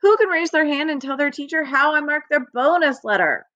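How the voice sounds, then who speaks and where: A woman's voice: sits high, a little fast, bright, forceful tone, no echo, lo-fi sound. A woman teacher giving a recorded phonics lesson to young children, upbeat and sing-song.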